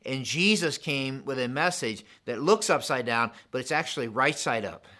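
A pastor preaching a sermon, in an animated, conversational style built on contrasts. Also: male voice, mid-range voice, normal speed.

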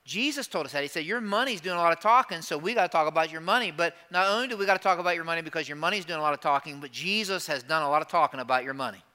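A pastor delivering a sermon in an easy, conversational way, often pausing to ask the congregation a question or to speak their doubts aloud. His voice is strikingly bright and sits a little high for a man. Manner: conversational, asks rhetorical questions and acts out listeners' objections.

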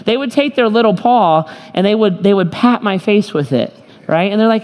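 A pastor preaches a sermon to his congregation, telling stories emphatically and with humor. His voice is high and expressive at a normal speed, and the recording carries a long hall reverb.

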